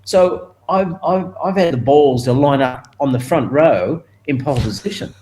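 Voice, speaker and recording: An older Australian man, a retired motorcycle racer, tells a story in an interview at a moderate pace against a noisy background. He's animated, laughing and raising his pitch to act out other people's voices.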